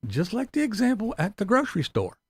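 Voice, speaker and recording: A man's voice: high-pitched, huge pitch swings, brisk, gravelly, husky, no room sound. A middle-aged man hosting a commentary channel, talking in a blunt, profane, mocking rant and acting out silly voices. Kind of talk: ranting commentary vlog.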